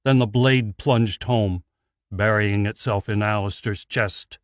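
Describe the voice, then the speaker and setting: A man narrating a fantasy audiobook in a measured, deliberate scripted read. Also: on the low side, fairly even intonation, dry recording, studio quality.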